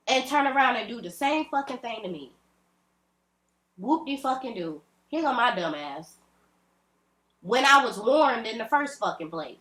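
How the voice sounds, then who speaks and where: A woman rants straight into the camera, blunt, emphatic and full of profanity. Her voice sits a little high and rings in an echoey room at home. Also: fairly bright tone. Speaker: vlogger. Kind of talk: ranting direct-to-camera vlog.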